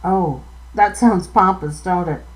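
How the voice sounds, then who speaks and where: A woman's voice: lowish voice, slow pace, low-quality recording. A blunt, sarcastic young working woman from a remote shore village, talking in plain folksy dialect grammar. A woman reads her out in a storybook reading.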